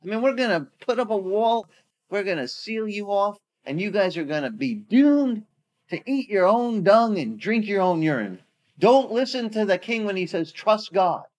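A man voicing a boastful, sneering Assyrian envoy who taunts loudly in a raised, mocking voice. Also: big pitch swings, moderate pace. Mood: threatening. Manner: taunting, mocking, loud and high.

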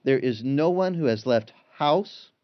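Lively man preaching a casual sermon. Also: mid-range voice, unhurried, highs cut off. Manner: animated, conversational preaching with acted-out voices. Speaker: pastor.

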